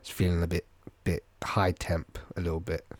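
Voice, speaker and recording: A man co-hosting a podcast in relaxed, jokey chat, audibly stuffy and congested from a cold. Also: sits low, normal speed. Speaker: podcast co-host. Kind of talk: casual chat.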